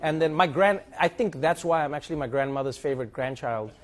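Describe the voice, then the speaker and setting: A man's voice: fairly high pitch, fast talker. A man, a comedian host, chatting casually and telling stories to a studio audience. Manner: chatty, animated storytelling.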